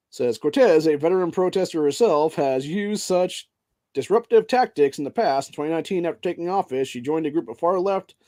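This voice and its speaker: A male podcast host who reads news articles aloud and breaks into angry, profanity-filled rants, ending his sentences with "dude.". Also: on the high side. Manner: heavy profanity, keeps tacking "dude" onto sentences; angry, heated tirades between flat read-outs. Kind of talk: reading news articles aloud and ranting over them.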